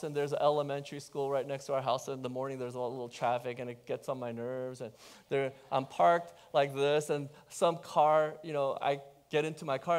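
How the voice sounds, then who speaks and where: A man preaching a sermon as pastor, telling a personal story in an animated way and talking straight to the congregation. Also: fairly high pitch. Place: church.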